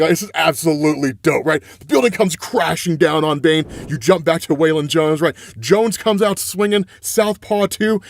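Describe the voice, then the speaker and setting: A young man recapping a comic book story in an excited, chatty way, often asking "right?" as he goes. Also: fairly high pitch, no echo, studio quality. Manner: excitable, keeps saying "right?".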